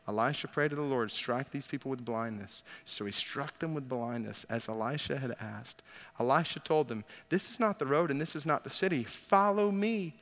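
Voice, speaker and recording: A man preaching a sermon, retelling a Bible story in an animated way with quips to the congregation. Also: medium pitch, big-room sound. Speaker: pastor.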